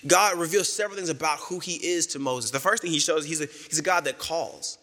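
A male pastor preaching a sermon in a casual, joking storytelling manner, slipping into quick quoted voices. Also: a little high, bright, forceful tone, in a large hall.

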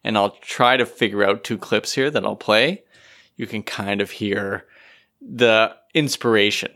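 Male podcast co-host, bright tone, easygoing chatter. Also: fairly low pitch, a little slow. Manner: chatty, laughing easily. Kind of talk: casual chat.

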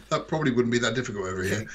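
A man's voice: medium pitch, husky. A British man co-hosting a podcast in casual chat, laughing easily and mocking himself. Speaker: podcast co-host.

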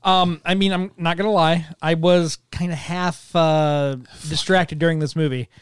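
A man's voice: fairly high pitch, steady tone, a little slow, clear, resonant tone, no echo, studio quality. A man co-hosting a podcast, casually recapping a movie, joking and laughing, with lots of "like" and "uh". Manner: jokey and laughing, recaps plot loosely with "like" and "uh". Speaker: podcast co-host. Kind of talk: casual movie-discussion chat.

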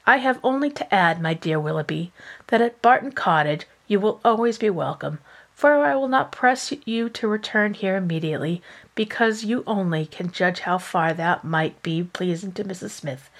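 A woman's voice: expressive, normal speed. A woman voicing an earnest, anxious genteel middle-aged mother as she reads aloud. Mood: gracious. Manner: earnest, raised pitch. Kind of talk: reading aloud.

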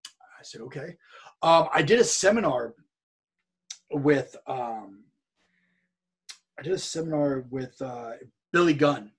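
Podcast guest: man from California, somewhat high husky voice, loose animated storyteller who acts out quotes. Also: measured pace, pauses often. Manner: rambling, animated anecdote-telling with many repeats and quoted dialogue. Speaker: interview guest, wrestler and streamer. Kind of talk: casual storytelling in a podcast interview.

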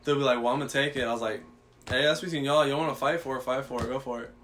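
A man's voice: mid-range voice, fairly even intonation, rapid-fire, fairly bright tone. A young man casually telling a profane workplace story, acting out the quotes as he goes.

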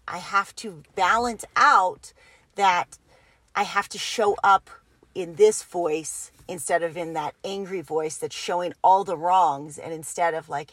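A woman's voice: lowish voice, fairly bright tone, no echo. Woman cohost, casual rambly talk, restarts a lot, dry mic. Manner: rambling, restarts and rephrases mid-thought. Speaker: co-host of a personal growth group. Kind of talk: casual podcast chat.

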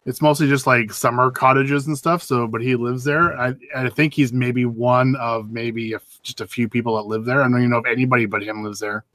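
A man's voice: mid-range voice, fairly even intonation, brisk, hardly any pauses, fairly bright tone, no room sound. Chatty man, dry close sound. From British Columbia, Canada. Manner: chatty, explains at length with restarts. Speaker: podcast co-host. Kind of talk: casual group chat.

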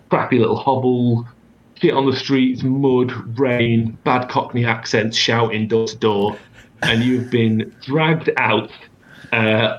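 A man runs a tabletop game over a video call and narrates the scene in a wry, rambling way. His voice sits in a middle pitch, and fillers often break up his lines. He sounds like he is talking into a computer mic. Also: lo-fi sound. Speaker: game master.

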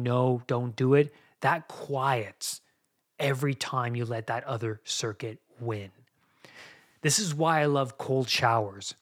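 A man in his thirties talks through his own recovery on a podcast, earnest and confessional. His voice sits at an ordinary middle pitch, and he often circles back and restarts his phrases as he works through a thought. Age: 30s. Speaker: podcast host. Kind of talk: personal recovery monologue.

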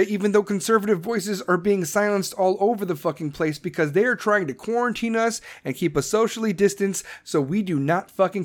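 Angry, profane man ranting in a high voice. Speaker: podcast host. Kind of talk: political rant.

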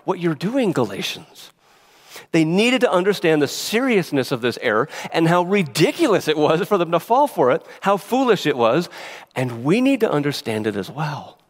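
A man preaching a sermon in an earnest, emphatic way, often restarting his words. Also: on the high side. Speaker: pastor.

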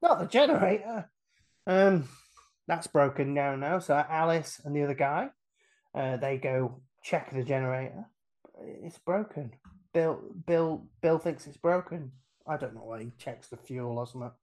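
A man on a casual podcast, retelling a film's plot with lively energy, acting out the characters' lines and laughing often. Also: on the high side, measured pace. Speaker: podcast guest retelling a film.

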